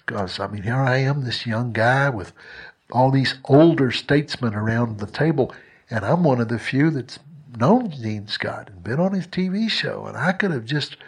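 A man's voice: mid-range voice, husky. A man preaching a sermon in a conversational, earnest way, telling a personal story and often restarting his sentences.

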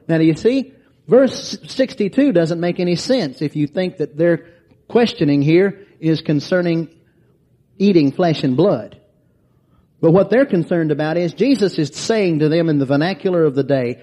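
A man delivers a sermon in a somewhat high but warm, mellow voice. He reads long scripture passages aloud and stops to explain them verse by verse. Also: normal speed. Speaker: preacher.

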